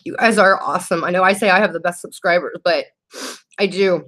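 A woman's voice: lowish voice, a little fast, a bit bright. A woman, chatting casually on a beauty livestream, emotional and grateful while reading viewers' comments. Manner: emotional, grateful, tearful at times. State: teary.

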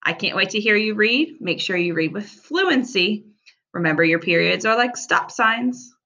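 Woman, teacher, children's reading lesson, animated pitch, bright tone. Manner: slow, clear, sounding out words with animated pitch.

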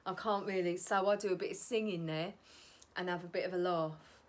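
A woman's voice: fairly low pitch, fairly even intonation, brisk. A woman, a comedian and impressionist, chatting casually to camera in a bubbly, enthusiastic way. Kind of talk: casual vlog chat.

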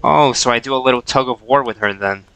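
Male streamer, playful, jokey play-by-play, clear, smooth voice. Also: medium pitch, fast talker, pushed and bright, low-quality recording. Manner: playful, jokey, talks to the characters. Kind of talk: casual gameplay commentary.

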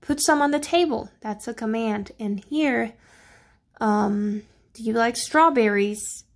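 A woman teacher, patiently walking children through a grammar lesson and checking in with them often. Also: a little high. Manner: slow, patient, checking in with "okay?" and "right?".

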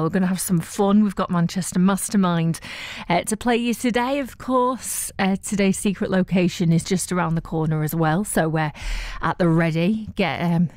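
A woman with a Mancunian accent hosts a morning radio show in a slightly low voice. She is breezy and conversational, with frequent ums and uhs. The sound is dry and close, straight into a studio mic. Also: a little mellow, no room sound. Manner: upbeat and chatty with frequent fillers. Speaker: breakfast radio presenter. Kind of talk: chatty live radio presenting. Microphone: studio microphone.

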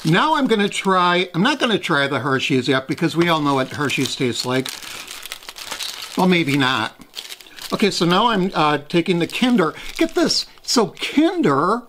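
A man's voice: a little high, fairly bright tone. A man hosting a casual taste-test vlog, talking in a chatty, rambling way and poking fun at himself. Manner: chatty, rambling, self-deprecating. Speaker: host.

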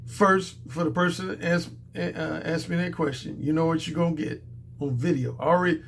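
A man who is a dating coach, talking in a strained, hoarse voice from a cold, lecturing his viewers emphatically and repeating his points. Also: a little high, steady tone, moderate pace, slight background noise. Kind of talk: monologue to camera.

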